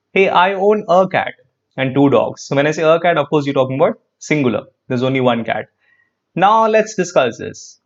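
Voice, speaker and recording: A man's voice: on the high side, muffled recording. Man teaching grammar in a live class. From India. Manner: repeats phrases, asks students questions. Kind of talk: live online grammar lesson.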